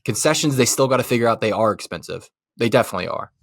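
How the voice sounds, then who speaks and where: A man's voice: mid-range voice, lively intonation, very fast, gravelly, no echo, clean studio sound. Profane laughing podcast co-host man. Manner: profane, loose, laughs while ranting. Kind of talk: casual chat.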